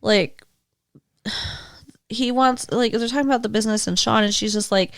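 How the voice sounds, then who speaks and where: A woman's voice: on the high side, normal speed, dry recording, studio quality. A young adult woman co-hosting a podcast, chatting casually about a film, saying "like" a lot and laughing often. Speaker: podcast co-host. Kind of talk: casual chat recapping a film.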